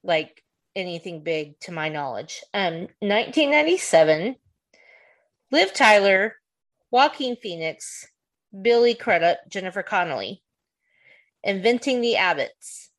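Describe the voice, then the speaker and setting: A woman co-hosts a podcast in a loose, chatty way. She rambles on, packing her talk with fillers as she goes, in a voice of ordinary pitch. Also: lively intonation, measured pace. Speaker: podcast co-host. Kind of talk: casual chat.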